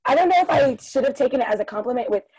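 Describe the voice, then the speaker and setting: Young woman, twenties, husky and giggly, casual chat. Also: high-pitched, rapid-fire, no echo. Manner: giggly, animated storytelling. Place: outdoors in sun.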